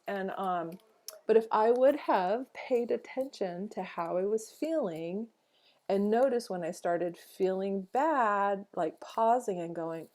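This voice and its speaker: A woman's voice: medium pitch, takes it slowly, darkish tone. A woman co-hosting a podcast in casual chat, reflective and chatty, acting out her own inner thoughts as she talks. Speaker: podcast co-host.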